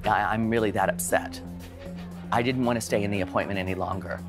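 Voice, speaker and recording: A man's voice: lowish voice, steady tone, a little fast. A middle-aged man working as a bridal consultant, talking earnestly and emotionally, stammering and restarting. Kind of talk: reality TV commentary and consultation. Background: music.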